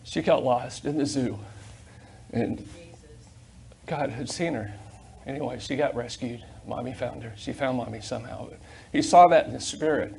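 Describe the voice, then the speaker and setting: An older man preaching a sermon as pastor in a church, fervent, swinging between loud emphasis and quiet asides, on a corded mic. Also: mid-range voice, moderate pace, vocal fry, pauses often, slight background noise. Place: church sanctuary.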